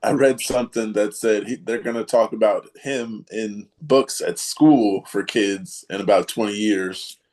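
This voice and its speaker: A man's voice: lowish voice, measured pace, hardly any pauses, darkish tone, low-quality recording. A man joining a podcast chat, hesitant and full of ums. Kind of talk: casual chat.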